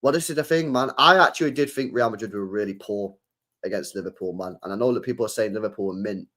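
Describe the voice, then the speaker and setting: A man's voice: on the low side, fast talker, a bit bright. A young man, chatting casually on a livestream, repeating phrases and ending lines with mate and bro. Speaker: football channel host. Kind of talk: casual livestream chat reading super chats.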